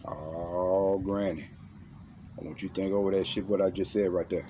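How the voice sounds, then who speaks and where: A man's voice: low-pitched, fairly even intonation, moderate pace, noisy background. A man giving a blunt, intense monologue that guides the listener through a visualization, using slang and commands. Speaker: motivational self-defense speaker.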